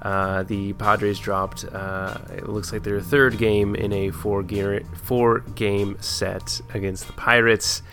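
Man, podcast host, laid-back casual talk, bright tense tone, faint guitar behind. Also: fairly low pitch, slow pace, hardly any pauses. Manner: relaxed, filler-heavy, laid-back.

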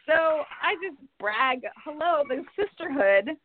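A woman hosting a podcast, asking guests questions in a casual, effusive and animated way. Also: high voice, measured pace, hardly any pauses. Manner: animated, effusive, lively storytelling. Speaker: podcast host. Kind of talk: casual interview. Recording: tinny phone-like line with faint noise.

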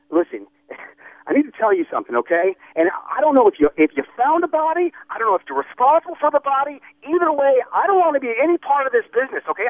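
A man's voice: very high-pitched, no echo. Flustered stammering man on a phone line. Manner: flustered, stammering, repeats himself. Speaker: store worker on a prank phone call. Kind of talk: phone conversation. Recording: tinny phone line, dry.

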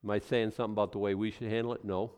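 Smooth-voiced pastor, conversational sermon. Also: male voice, on the low side, flat delivery, racing, a little mellow. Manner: conversational, rambling, with acted asides.

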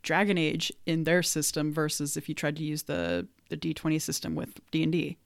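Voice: medium pitch, normal speed, creaky, no echo, clean studio sound. A podcast co-host chatting casually about tabletop games, laughing often and making playful asides.

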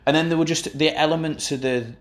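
A man's voice: a little high, steady tone, quick pace. A man hosting a casual football chat, with dry, teasing banter.

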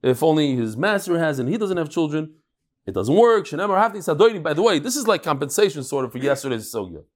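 A man teaching a live daily Talmud class, talking quickly and animatedly, with frequent restarts and Hebrew terms. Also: a little high, very animated.

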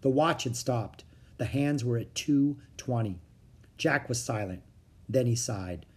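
A reader narrating a children's chapter book aloud in a calm, steady storytelling manner. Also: mid-range voice, measured pace, breathy edge.

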